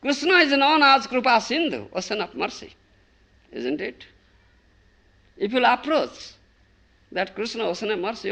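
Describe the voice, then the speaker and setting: Emphatic male preacher giving a devotional sermon, gravelly, animated delivery. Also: very high-pitched, a little slow, pauses often. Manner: emphatic, keeps asking if listeners understand. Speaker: spiritual teacher.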